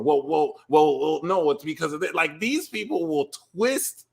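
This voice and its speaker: A man hosting a casual astrology and tarot livestream, talking in an animated, profane, jokey way. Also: on the high side, moderate pace, gravelly, hardly any pauses, husky.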